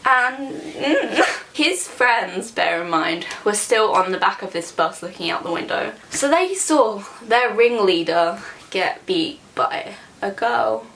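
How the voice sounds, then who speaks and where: A young woman, telling a storytime vlog in an animated, sweary, exaggerating way. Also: medium pitch, unhurried, vocal fry, slight background noise. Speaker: vlogger.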